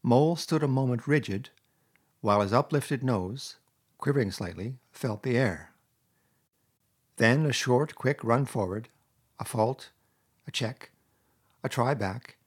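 A man narrating a classic storybook in a measured, expressive reading. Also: medium pitch, slightly rough. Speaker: audiobook narrator.

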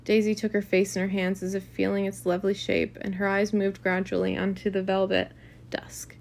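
A woman's voice: mid-range voice, little pitch movement, a little fast, gravelly, darkish tone, slight background noise. A woman reading a classic novel aloud in a casual, unpolished way, with occasional restarts and asides. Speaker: reader.

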